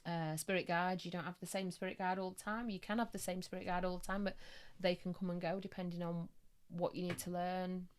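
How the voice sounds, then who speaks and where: A woman, a psychic medium, chatting casually on a podcast and telling stories with quick bursts of laughter. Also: fairly low pitch, little pitch movement.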